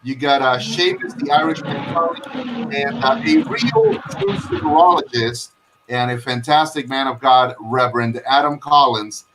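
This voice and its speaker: A man's voice: medium pitch, very animated, unhurried, background noise. A man hosting a casual live video-call chat, rambling with frequent fillers and restarts. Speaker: host.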